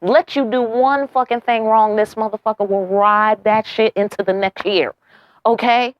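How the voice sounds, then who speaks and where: A woman's voice: fairly high pitch, steady tone, normal speed, no room sound, highs cut off. Brash, profane woman tarot reader. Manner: brash and profane, full of rhetorical questions and "okay?". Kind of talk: casual tarot reading to camera.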